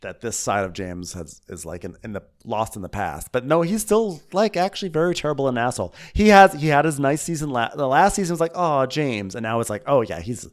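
A man's voice: medium pitch, quick pace, few pauses. A man co-hosting a podcast, recapping a reality show with playful comic voices for the people in it. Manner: playful, acts out quotes in silly voices. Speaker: podcast co-host. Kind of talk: comedic recap with impressions.

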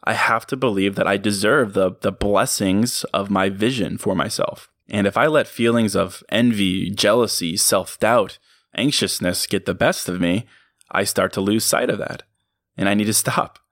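Earnest, low-voiced man hosting a podcast. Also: moderate pace, a bit bright, no room sound, studio quality. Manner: earnest and reflective, chuckles at himself. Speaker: podcast host. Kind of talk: motivational monologue.

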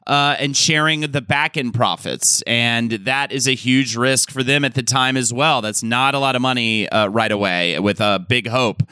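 Bright, dry-sounding male co-host. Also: medium pitch, moderate pace, hardly any pauses, smooth, no room sound. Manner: enthusiastic, chatty, with frequent fillers. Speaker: podcast co-host. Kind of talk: casual chat.

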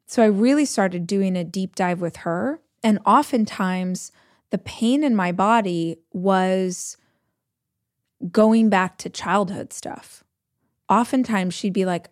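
A woman hosting an advice show talks in a loose, chatty way, with plenty of "like" and little acted-out quotes of other people's voices. Her pitch sits in a middle range for a woman. The sound is dry and close, with no room echo. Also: slow, a little mellow. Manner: chatty storytelling, acting out quoted voices, frequent "like". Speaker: podcast host giving advice. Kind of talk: casual advice chat.

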